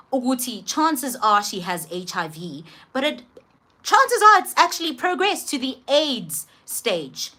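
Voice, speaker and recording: A young woman with a South African accent tells a personal story to camera in an animated, emphatic way, switching between languages mid-sentence. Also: medium pitch. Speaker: vlogger. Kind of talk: storytime monologue.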